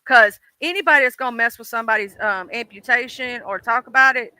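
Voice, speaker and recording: A woman's voice: fairly high pitch, brisk, bright, forceful tone, clean tone, no room sound, poor audio. A woman hosting a casual livestream, chatting bluntly about online drama and swearing freely. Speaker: livestream host.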